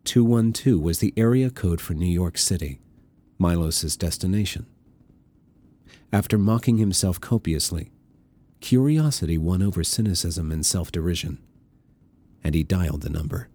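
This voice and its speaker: A male narrator reading a novel in a measured, deliberate manner. His voice is very deep and mellow, with a warm, dark tone. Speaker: audiobook narrator. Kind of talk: scripted narration.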